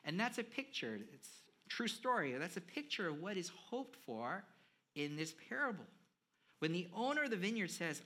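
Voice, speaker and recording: A man preaching a sermon, chatting with his congregation and swinging between hushed lines and emphatic ones. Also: on the high side. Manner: conversational, with fillers, addresses the audience.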